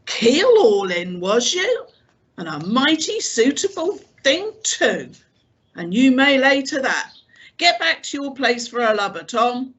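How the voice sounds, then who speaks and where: Woman reading as a loud, stern pirate innkeeper, cunning and one-legged, lively swinging delivery on a dull lo-fi track. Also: sits high, takes it slowly, husky, voice pushed up, heavily acted. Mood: blustering.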